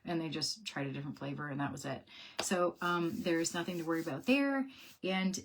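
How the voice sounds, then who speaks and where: Upbeat young woman answering product questions, lots of chatty repeats, voice a bit on the low side. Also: background noise. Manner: chatty and upbeat, with quick laughs and repeated words. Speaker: wellness product seller. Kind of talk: casual direct-to-camera Q&A.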